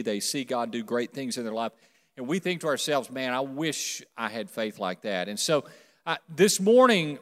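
A man pastor preaching a sermon to a congregation, swinging from quiet to loud and calling on them to repeat after him. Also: mid-range voice. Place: church sanctuary. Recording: long hall reverb.

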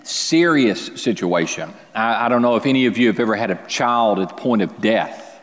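A man preaching a sermon as pastor, speaking earnestly and conversationally, restarting phrases and pausing for emphasis. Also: on the low side, animated. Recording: long reverb of a large hall.

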